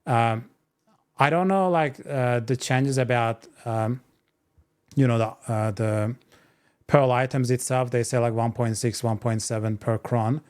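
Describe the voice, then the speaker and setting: A man with a mid-range voice chats casually as a podcast co-host. He speaks haltingly, padding his thoughts with "like", "you know" and "uh". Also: mid-range voice, steady tone. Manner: hesitant, full of "like", "you know" and "uh". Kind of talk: casual gaming podcast chat.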